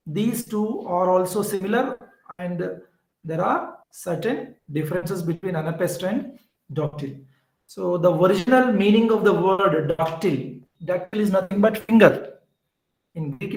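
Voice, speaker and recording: High, slow Indian English teacher. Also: male voice, echoey room, poor audio. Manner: repeats key words, explains step by step. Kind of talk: lecture.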